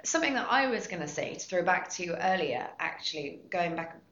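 Gushing actress on a podcast, lowish voice, echoey dull-sounding room. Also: female voice, big pitch swings, fairly quick, a bit bright. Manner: enthusiastic, effusive, repeats herself. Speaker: guest voice actress. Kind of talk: podcast interview chat.

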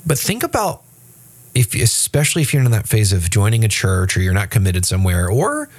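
Low-pitched guy on a church podcast, animated, acting out little quotes, lots of restarts. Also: a little fast. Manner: animated, acts out quoted voices; frequent restarts and fillers. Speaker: podcast co-host. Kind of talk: casual faith podcast chat.

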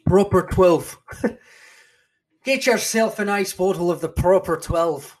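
A man doing a put-on Irish accent as a boastful, wealthy Irish fighter, loud and sweary. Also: high voice, takes it slowly, pitched above the performer's own voice.

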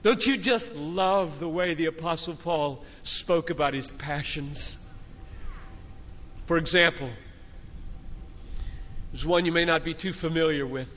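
A man's voice: on the high side, a little slow, long pauses, a bit bright. A middle-aged man preaching a fervent sermon from a stage, exhorting his listeners with emphatic repetition. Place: large conference hall. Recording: dull recording, long hall reverb.

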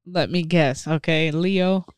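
A young woman hosts a casual podcast chat in a lowish, smooth voice. She tells stories with lots of slang and acts out what people said. The sound is dry and close. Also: slow pace, dry recording. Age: young adult. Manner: animated storyteller, acts out quotes, profane slang. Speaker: podcast host.

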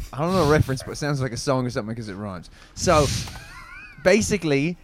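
A man playing a flustered neighbour who talks in a put-on British accent in an improvised comedy podcast, laughing and animated. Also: medium pitch, brisk, slight background noise, natural voice.

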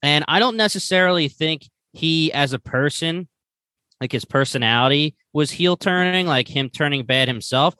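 Bright-voiced laid-back podcast host. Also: male voice, a little high, moderate pace, dry recording. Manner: laid-back, laughs easily, acts out quotes. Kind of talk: casual chat reviewing a TV series.

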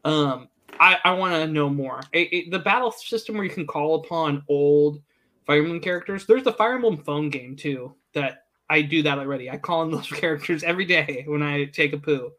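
Bright, chatty man talking games. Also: fairly high pitch, normal speed. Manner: chatty, enthusiastic, rambling with restarts. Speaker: podcast co-host. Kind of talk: casual gaming chat.

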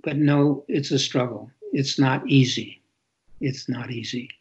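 An older man, an author being interviewed, talking candidly in a reflective, halting way that often repeats words. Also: mid-range voice, a little mellow, husky, lo-fi sound.

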